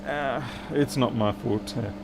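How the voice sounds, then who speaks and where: A man's voice: medium pitch, slow, background noise. A man, a repair technician bantering with viewers and muttering to himself while he works on a live stream.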